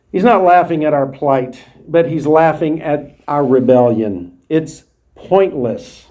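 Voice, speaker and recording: Male Bible teacher with a high voice, explaining scripture to a class. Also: mellow. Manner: explains verses plainly, restating them in his own words. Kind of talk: verse-by-verse Bible study lecture.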